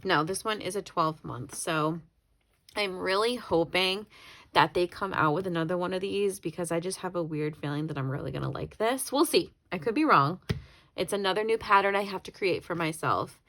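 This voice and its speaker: A woman's voice: on the low side, moderate pace, fairly bright tone. A woman talking casually through a planner flip-through, rambling and correcting herself as she goes. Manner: chatty, rambling, self-correcting. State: briefly tearful. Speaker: planner YouTuber.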